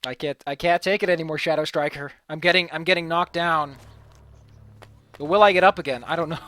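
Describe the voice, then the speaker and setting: Young man, gaming commentary, bright tone, slightly high, giggly and rambling. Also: fast. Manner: giggly, rambling, swears casually. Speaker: let's play host. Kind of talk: gameplay commentary.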